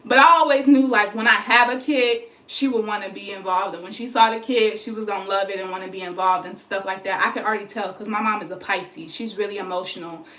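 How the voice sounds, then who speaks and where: A woman's voice: medium pitch, quick pace, few pauses. Chatty young woman in a roomy room. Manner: chatty, rambling, animated. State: pregnant, tired. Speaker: vlogger. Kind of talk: casual chat to camera. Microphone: phone. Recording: roomy echo.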